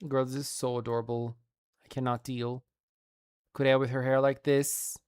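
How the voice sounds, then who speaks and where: A woman's voice: a bass voice, level tone, normal speed, darkish tone, clean tone. A woman streamer gushing playfully over fan art in a casual showcase, laughing often.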